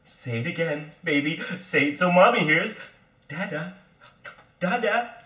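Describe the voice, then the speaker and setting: A man's voice: a little high, expressive, a little slow, pushed and bright, voice pushed up. A man reading a doting father who coos sing-song baby talk in an amateur play reading. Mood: cooing. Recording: echoey room.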